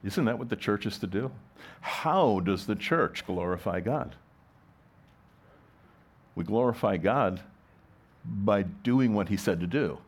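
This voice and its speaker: A man's voice: on the low side, lively intonation, takes it slowly, long pauses. A middle-aged man, a pastor, preaching a sermon in a conversational way, full of rhetorical questions and restarts.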